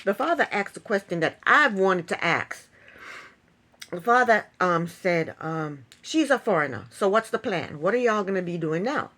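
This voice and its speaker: A woman's voice: medium pitch, lively intonation, normal speed, a bit bright. A woman giving a casual, opinionated recap of a reality show, blunt and chatty with frequent filler sounds.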